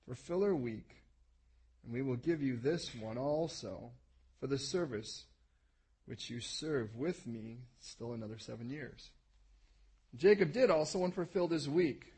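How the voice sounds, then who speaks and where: Husky man reading scripture with asides. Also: fairly high pitch, unhurried, long pauses, poor audio. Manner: animated, with asides and self-corrections. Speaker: preacher. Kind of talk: reading scripture aloud to a congregation.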